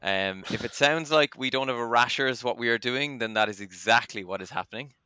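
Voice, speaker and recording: A man's voice: mid-range voice, fairly quick, pushed and bright, clean tone, no echo, clean studio sound. An Irish man hosting a casual podcast chat, chatty and self-deprecating, with plenty of ums. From Ireland. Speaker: podcast host.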